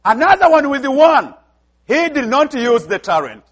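A man with an African accent preaches in a very high voice. He delivers an emphatic sermon. He keeps putting questions to the congregation. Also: very animated, normal speed, fairly bright tone.

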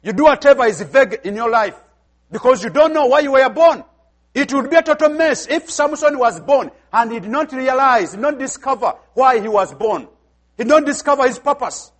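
High-voiced visiting pastor preaching emphatically. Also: male voice, expressive, brisk. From outside the United States. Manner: emphatic preaching, repeats phrases, acts out dialogue. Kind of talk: sermon.

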